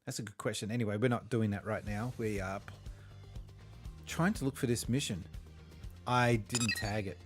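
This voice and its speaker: A man's voice: lowish voice, moderate pace, pauses often, over music. A man, streaming a game and telling rambling, profane anecdotes with frequent chuckles. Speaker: gaming streamer. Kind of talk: casual gameplay chat.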